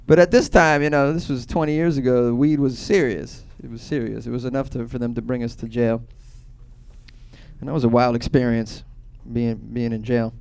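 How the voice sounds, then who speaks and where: A man in his thirties from Boston doing a stand-up comedy set, telling a loose, profane story with sudden loud bursts. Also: medium pitch, fairly even intonation, moderate pace, gravelly, smooth. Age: 30s.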